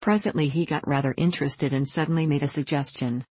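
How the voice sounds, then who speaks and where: An audiobook narrator reading a classic children's novel in a measured, even way. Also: medium pitch, slightly rough, no echo. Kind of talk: scripted narration.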